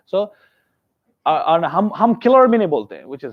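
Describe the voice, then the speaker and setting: A man's voice: high voice, sing-song, very fast, highs cut off. A man teaching pronunciation in a classroom, repeating words to drill his students and adding joking asides. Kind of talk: classroom teaching, mixing English and Hindi.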